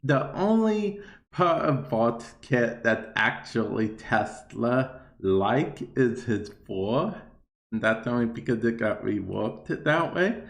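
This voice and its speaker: A man hosts a casual podcast chat in a relaxed, easygoing way, often laughing along. He speaks at an unhurried, slow pace. His voice carries a roomy echo. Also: medium pitch. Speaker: podcast host.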